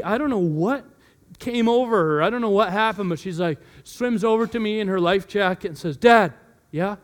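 A man in his thirties preaching a sermon, animated, telling a family story and acting out his children's voices. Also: sits high. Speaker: pastor.

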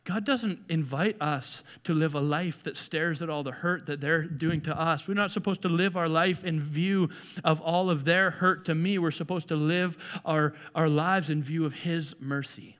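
A pastor with a fairly high voice preaches at a moderate pace, his words echoing in the hall. His conversational, animated sermon is full of restarts and repeated words. When quoting others, he acts out their voices.

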